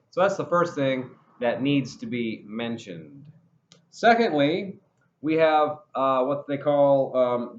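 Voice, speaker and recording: A man gives a pronunciation lesson at an unhurried, measured pace, modeling each sound with care and drilling short phrases over and over. His voice sits in a middle register. The recording is roomy and a little dull. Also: mid-range voice. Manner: slow, deliberate modeling of sounds, spelling words out and repeating drill phrases. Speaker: English pronunciation teacher.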